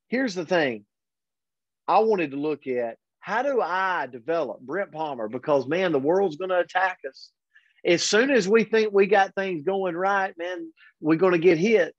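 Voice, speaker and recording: Male motivational host, slightly high voice, earnest and upbeat, dull dry lo-fi recording. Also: dry recording. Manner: energetic and earnest, often says "man". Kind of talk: daily motivational pep talk.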